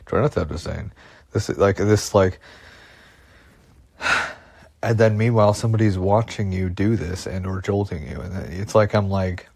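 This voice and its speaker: A man with a very low voice talks through an anxious, rambling monologue. He swears often and loops back over the same worries. The sound is dry and close, like a phone voice memo. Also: darkish tone, no echo. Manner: anxious, agitated, profane, repeats himself.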